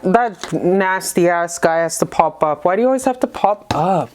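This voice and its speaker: A woman's voice: lowish voice, moderate pace, few pauses, a little mellow. A woman giving a casual tarot reading to camera, gushing and affectionate, full of profanity and slang. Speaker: tarot reader.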